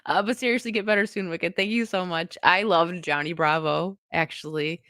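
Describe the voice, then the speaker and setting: A woman's voice: lowish voice, normal speed, a bit bright, dry recording, clean studio sound. A woman streamer who is sick, giving casual, rambling live commentary and laughing often. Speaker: streamer host.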